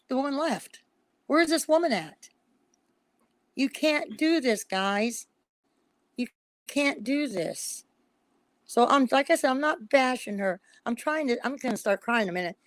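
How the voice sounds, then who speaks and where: A woman with a high voice speaks as a psychic reader visiting someone's live stream. She talks in an emotional, casual way, pleading and hammering her points home by repeating them. Her voice sounds dry and close, with no room echo. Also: lively intonation, moderate pace. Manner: emphatic and repetitive, pleading.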